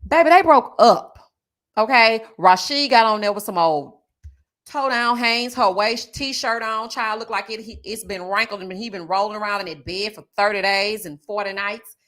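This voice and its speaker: A woman hosting a casual reality TV recap livestream. She talks straight to her viewers, reads their chat aloud, and bursts into loud laughs. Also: medium pitch, moderate pace.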